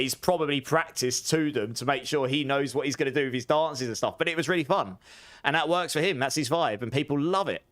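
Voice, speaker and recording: A man's voice: fairly high pitch, fairly bright tone. Chatty English man streaming a game. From England. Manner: rambling and chatty, reading out chat and answering viewers. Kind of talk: casual live-stream chat with viewers.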